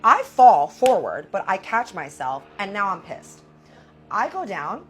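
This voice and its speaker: A woman in her thirties telling a dramatic personal story in casual storytime style, animated and full of fillers. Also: mid-range voice, unhurried, slight background noise.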